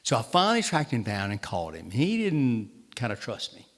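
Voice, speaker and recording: A man's voice: medium pitch, wildly swooping pitch, a little fast. A man with a Southern accent, a state treasurer, telling humorous, self-deprecating stories at a town hall meeting. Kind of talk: storytelling speech at a town hall. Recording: long reverb in a hall.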